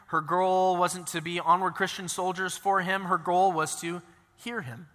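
A male pastor preaching in a high, bright voice, talking through the story like a friendly chat with asides tossed in. His sermon rings out with a long reverb, as in a big church hall. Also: measured pace. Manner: conversational, animated storytelling with asides.

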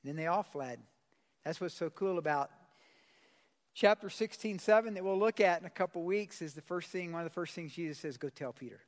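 A man's voice: high-pitched, fairly quick. A man pastor preaching a sermon in a church service. He talks casually, uses slang and puts questions to the congregation. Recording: long hall reverb.

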